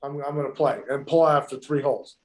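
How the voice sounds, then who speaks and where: Speaking at a medium pitch and a fast clip, a professional golfer tells stories as a podcast guest. His casual chat is emphatic and heavily profane, and the recording has an echoey room sound.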